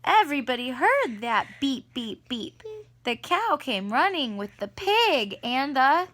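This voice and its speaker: A mother reading a picture book aloud to her toddler in a sing-song, coaxing, animated way, stopping to ask questions. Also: high voice, measured pace.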